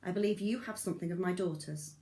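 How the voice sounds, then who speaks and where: A woman's voice: lowish voice, fast talker, mellow, lightly acted. Woman reading as a weary male governor, formal, firm, fatherly, audiobook reading.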